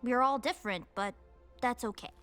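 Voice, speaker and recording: A woman voicing a shy, earnest young ice princess in a cartoon, speaking softly and reassuringly. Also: on the high side, normal speed, faint music behind, lightly acted.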